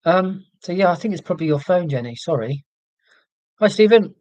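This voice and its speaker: An Englishman with a received pronunciation accent hosts a casual livestream on a computer mic, reading and answering live chat with lots of ums. His voice sits high and expressive with a darkish tone, at a moderate pace. The low-quality recording has no room sound.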